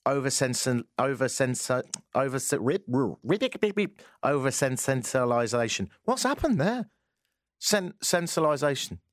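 A man's voice: mid-range voice, big pitch swings, normal speed, no echo. A man with an English accent hosting a casual, joking radio talk show from a studio. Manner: chatty, joking, rambling. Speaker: radio host.

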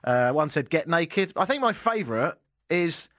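Joking British radio host, dry studio. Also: male voice, a little high, very animated, normal speed, fairly bright tone, no echo. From Britain. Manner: joking, sarcastic, laughs often. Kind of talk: casual talk radio chat.

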